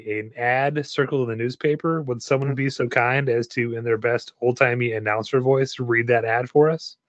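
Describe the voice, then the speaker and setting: A man's voice: mid-range voice, fairly even intonation, moderate pace, no echo, muffled recording. A man hosting a casual podcast, chatting playfully and reading a story aloud in a theatrical way. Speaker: podcast host.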